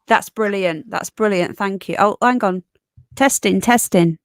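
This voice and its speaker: A woman's voice: mid-range voice, a little slow, no room sound. A woman hosting a casual live stream, chatty and affectionate as she greets viewers one by one.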